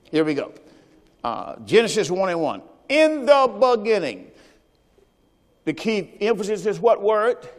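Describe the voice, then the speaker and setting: Lively high-pitched preaching man, hall reverb. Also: a little slow, pauses often. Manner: call-and-response preaching, has the congregation repeat phrases. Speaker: pastor. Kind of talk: sermon. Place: church service.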